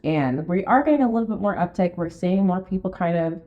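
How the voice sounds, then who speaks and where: A woman co-hosting a podcast in casual chat, telling stories full of fillers and acting out her own quotes in a high voice. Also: lively intonation, brisk. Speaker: podcast co-host, real estate marketing and sales director. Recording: dull lo-fi podcast recording.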